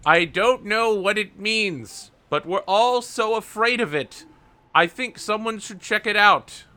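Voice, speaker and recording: Guy doing a fretful old grey bunny elder, high and bright, warns slow and preachy. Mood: anxious. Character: old gray male rabbit elder, solemn and fretful.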